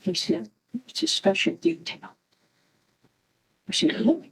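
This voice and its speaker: A middle-aged woman, a mother, telling a halting, animated story at a memorial gathering. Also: medium pitch, vocal fry, slight background noise, low-quality recording. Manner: slow, halting, animated when quoting. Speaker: mother of the deceased.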